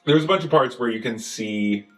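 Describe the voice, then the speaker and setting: A man casually recapping a movie with a co-host, animated and acting out scenes in funny voices. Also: mid-range voice, normal speed, reverberant, soft background music, poor audio. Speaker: podcast host.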